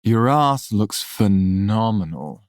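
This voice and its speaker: A woman voicing a smug, menacing man who speaks straight into others' minds, in a slow, low, teasing drawl, with a dry sound close to the mic. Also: animated, darkish tone, no room sound, exaggerated voice.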